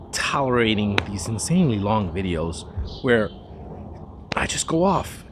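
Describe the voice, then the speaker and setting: This is a casual cigar review from a man with a lowish voice who talks in a rambling, chatty way, making many asides and restarts. There's a little hiss or hum in the audio.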